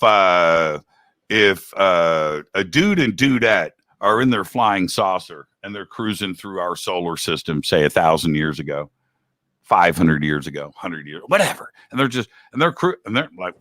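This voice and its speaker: A man's voice: deep voice, animated, a little slow, bright, forceful tone, no room sound, studio quality. A man talking as a guest host in a casual chat, rambling and laid-back, with a slangy manner.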